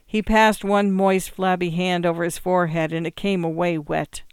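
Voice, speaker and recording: A narrator reading a story aloud in a measured, expressive way. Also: medium pitch, smooth, no room sound, studio quality. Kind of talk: audiobook reading.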